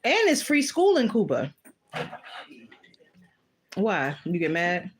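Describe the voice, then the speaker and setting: A woman hosting a casual livestream while eating, excitable and exclamatory, swearing freely. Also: lowish voice, slow pace, a little hiss or hum. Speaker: livestream host.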